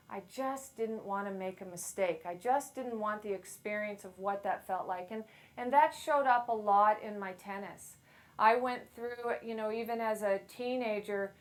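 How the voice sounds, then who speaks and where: A middle-aged woman giving a playful, self-deprecating motivational talk to a live audience on a handheld mic. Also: fairly high pitch. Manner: playful, self-deprecating storyteller who acts out quotes loudly. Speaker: speaker at a women's event.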